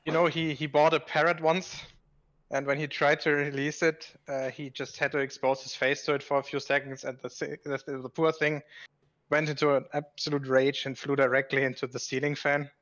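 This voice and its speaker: A man telling dark jokes in a dry, deadpan way during a group commentary. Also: fairly high pitch, normal speed, lo-fi sound. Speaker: video commentator.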